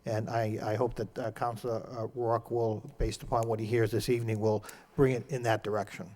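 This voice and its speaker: A man speaking as a city councilor, giving formal, measured remarks with many pauses and filler words. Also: medium pitch, flat delivery, darkish tone. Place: council chamber.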